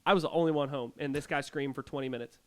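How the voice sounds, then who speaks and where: A man co-hosting a podcast, casually rambling through eerie personal experiences in an animated way. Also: on the high side, racing, clear, resonant tone. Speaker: podcast co-host. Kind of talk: casual storytelling.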